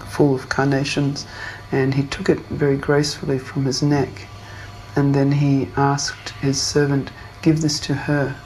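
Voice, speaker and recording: An older woman from Australia recalls the past in an interview, her voice gentle and unhurried. Her pitch stays flat and even as she talks. A faint hiss runs under the recording. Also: poor audio. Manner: gentle, unhurried storytelling with small fillers. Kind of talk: reminiscing interview.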